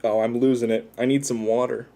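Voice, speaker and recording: A man's voice: mid-range voice, little pitch movement, brisk, dark tone. A man chatting casually with his viewers on a livestream, rambling and self-deprecating as he talks while tattooing himself.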